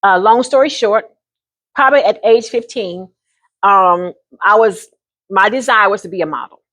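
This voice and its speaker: A woman in her sixties telling a personal story to camera in an animated, folksy way, often calling the listener honey. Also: medium pitch, moderate pace. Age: 60s. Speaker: vlogger.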